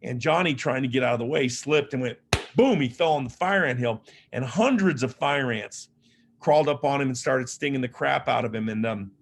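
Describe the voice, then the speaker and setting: A man of middling pitch tells personal stories from the stage, joking at his own expense as he goes. He is a motivational author speaking in a relaxed, conversational way. Faint noise sits under his voice. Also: moderate pace. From Las Vegas, Nevada, USA. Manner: humorous, conversational, self-deprecating storyteller. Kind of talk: storytelling keynote talk.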